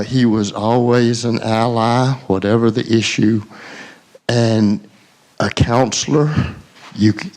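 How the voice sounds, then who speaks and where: A man, a longtime community colleague, giving a measured and earnest memorial tribute. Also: fairly low pitch, darkish tone. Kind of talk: memorial speech. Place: community center memorial service.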